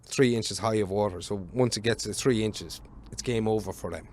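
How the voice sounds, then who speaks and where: An Irishman in his thirties, speaking at a moderate pace in a lowish voice, appears as a podcast guest. He tells a long work story casually, rambling with lots of fillers and swearing freely.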